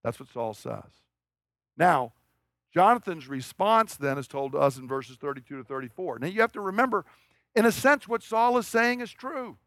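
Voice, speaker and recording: High-voiced conversational preacher. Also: male voice, sing-song, moderate pace, a bit bright, no room sound. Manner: conversational storytelling with rhetorical questions. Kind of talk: sermon.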